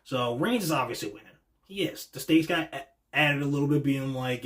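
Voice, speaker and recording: A man hosting a wrestling reaction show, talking in an excitable, slangy way that swings between hushed and loud. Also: medium pitch, brisk. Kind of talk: casual reaction commentary.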